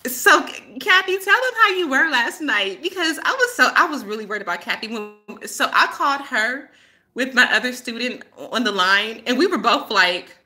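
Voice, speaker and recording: A woman's voice: fairly high pitch, expressive, moderate pace, sharp tone. A woman hosting a casual live-stream chat as a spiritual healer, rambling and laughing often as she tells stories.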